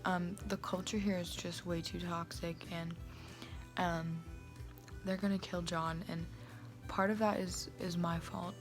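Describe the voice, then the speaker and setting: A self-centered young Salem woman , as acted by a woman, chatters to her camera like a teen vlogger. She rambles with constant "like" and gasps of "oh my gosh". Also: lowish voice. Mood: breezy. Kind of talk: amateur vlog-style role-play.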